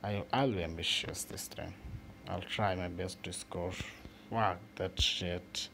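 A man hosting a mobile football game channel, giving casual, excitable commentary with swearing and halting restarts over his own play. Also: low-pitched, vocal fry. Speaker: gaming channel host. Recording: noisy home recording.

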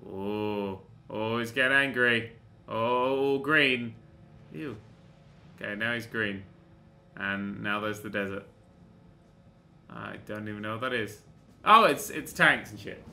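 A young man talks over a game with a bright, piercing tone and a voice that leaps all over the place. He swears freely and cracks jokes in excitable bursts as he plays. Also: medium pitch, slight background noise. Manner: excitable, sweary, joking asides. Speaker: gaming channel host. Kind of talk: comedic gameplay commentary.

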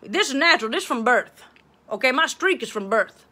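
A woman plays a middle-aged Southern hostess with a Louisiana drawl, handing out bossy life tips on a comedy livestream. Her voice sits high, and she chatters in loose tangents, checking in with her viewers. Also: lively intonation, a little fast, bright, forceful tone, exaggerated voice. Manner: chatty, bossy, tangents, keeps asking okay. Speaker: host of a live advice show.

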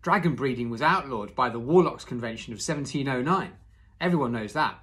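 A man's voice: mid-range voice, animated, a little fast, fairly bright tone, voice pushed up, close to an everyday voice. A man reading aloud and voicing a young schoolboy who explains things in a matter-of-fact, lecturing way.

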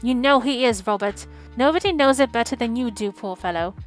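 A woman's voice: a little high, moderate pace, soft background music, lightly acted, rough recording. A woman reading the lines of an indignant mother who speaks sharply about her husband's employer. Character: indignant working-class wife and mother.

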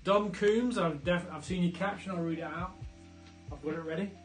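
Quiz host man, upbeat and tangent-prone, slightly high voice, echoey room, faint music. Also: moderate pace. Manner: chatty, jokey, goes off on tangents. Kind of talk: live online pub quiz hosting.

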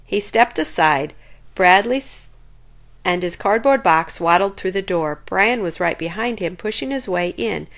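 A woman reading a children's chapter book aloud in an expressive, lively way. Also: mid-range voice, unhurried. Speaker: storyteller.

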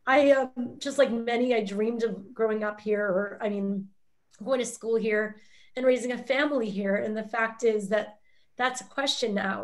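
A woman's voice: on the high side, moderate pace. A woman from Canada hosting a panel talk over a video call, speaking openly and emotionally, her voice lifting when she is moved. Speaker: host.

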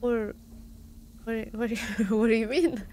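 A woman's voice: a little high, steady tone, slow, mellow, a little hiss or hum. A woman streamer chatting casually and reacting aloud as she plays a game live. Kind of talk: live gameplay commentary.

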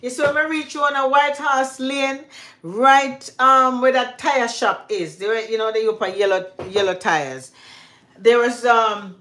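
A woman's voice: fairly high pitch, a little slow, a bit bright. An older woman with a Jamaican accent, chatting casually to livestream viewers as a cooking channel host, telling rambling stories in patois. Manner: chatty storyteller, switches into patois, rambling asides. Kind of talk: casual chat with live viewers. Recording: echoey room.

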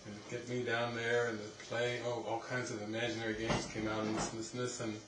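A man, a spiritual teacher, telling a rambling, animated story in casual talk at a retreat, often laughing. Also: mid-range voice, fairly quick. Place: retreat hall. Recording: roomy, distant, noisy ambience.

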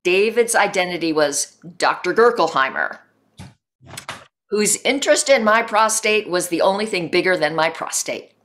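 A woman hosting an online memorial gathering over a video call, reading tributes aloud in an unhurried way with soft trailing asides. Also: on the low side, lively intonation. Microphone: video call microphone.

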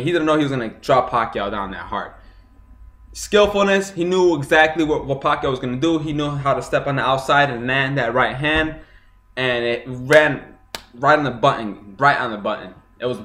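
A young man giving a casual, excitable recap of a boxing fight, swearing often and acting out punches with sound effects. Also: mid-range voice, normal speed, slight background noise. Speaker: boxing vlogger.

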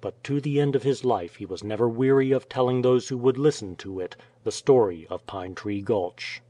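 A man reading an adventure story aloud as an audiobook narrator, in a steady storytelling manner. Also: medium pitch, normal speed. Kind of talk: scripted narration.

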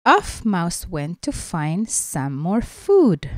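A woman's voice: fairly low pitch, big pitch swings, extremely slow, a little mellow, dry recording, studio quality. A woman teacher reading a picture book aloud to children, coaxing them with little questions. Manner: questioning, coaxing, slips into asides.

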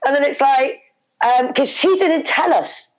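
A woman's voice: high-pitched, measured pace, dull audio. A middle-aged woman from England, telling an emotional family story as an interview guest, repeating words and acting out what people said. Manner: animated, repeats words, acts out family dialogue.

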